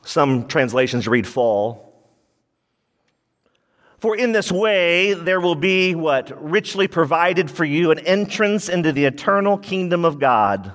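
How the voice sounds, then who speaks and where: A man's voice: a little high, animated, slow pace, a bit bright, in a large hall. A male pastor preaching a sermon in an emphatic, conversational way, often repeating himself as he works through a passage.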